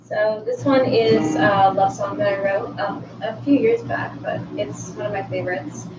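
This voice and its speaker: A woman's voice: mid-range voice, steady tone, moderate pace, background noise. A woman musician guesting on a radio show, chatting in a playful, easy way. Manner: chatty and playful, laughs easily. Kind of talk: casual radio chat. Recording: echoey, distant, dull sound with music.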